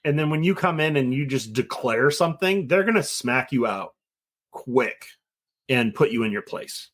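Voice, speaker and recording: A middle-aged man appears as an interview guest in casual conversation, talking earnestly and ramblingly and sometimes acting out quoted voices. He speaks at normal speed with a medium-pitched, expressive, slightly bright voice.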